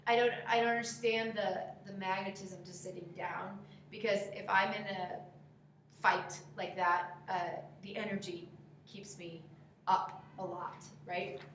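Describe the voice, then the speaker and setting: A woman's voice: medium pitch, steady tone, a little slow, fairly bright tone. A woman giving direct acting notes to students, coaching and demonstrating how to deliver lines. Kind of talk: spoken critique of a scene. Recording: echoey room, faint background noise.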